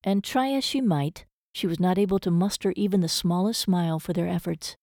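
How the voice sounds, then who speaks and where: This audiobook comes from a woman whose fairly low voice keeps a steady, measured storytelling rhythm. No room sound is present, and the studio audio is clean.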